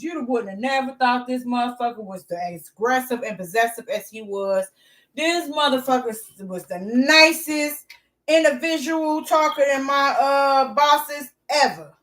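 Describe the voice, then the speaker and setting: High-voiced woman vlogger, blunt and profane storyteller; mic sits at a distance. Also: a bit bright. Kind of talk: casual storytelling to viewers.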